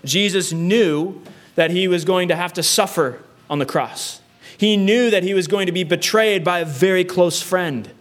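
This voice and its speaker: Brief: male pastor mid-sermon, earnest, repeats key lines, asks rhetorical questions, fairly high pitch. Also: normal speed.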